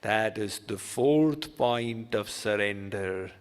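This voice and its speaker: A man giving a sermon as a spiritual teacher, teaching slowly and deliberately through told stories. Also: on the low side, clear, resonant tone, long reverb tail.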